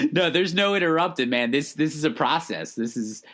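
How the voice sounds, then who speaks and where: A man's voice: a little high, animated, moderate pace, a bit bright. A man in his thirties co-hosting a podcast, chatting casually, laughing often and rambling through restarts. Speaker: podcast co-host. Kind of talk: casual chat.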